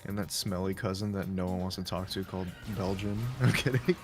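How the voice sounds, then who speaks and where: A man's voice: low voice, brisk. A man chatting casually on a live stream, swearing freely and laughing often. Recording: music playing loudly behind.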